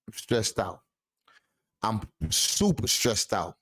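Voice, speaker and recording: A man's voice: fairly low pitch, big pitch swings, slow pace, a bit bright, dry recording. Streetwise New man telling a story. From the Bronx, New York. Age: 40s. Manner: streetwise slang, keeps asking "you heard?". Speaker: podcast guest. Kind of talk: casual storytelling.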